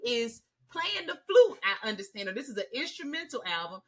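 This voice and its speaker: A woman co-hosting a podcast in casual chat, animated and swearing freely as she rants. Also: fairly high pitch, brisk. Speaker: podcast co-host.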